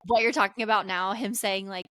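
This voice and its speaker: Young woman, podcast co-host, bright voice, quick quips, dry sound. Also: medium pitch, steady tone, smooth, dry recording. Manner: chimes in with quick quips and short agreements. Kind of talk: casual chat.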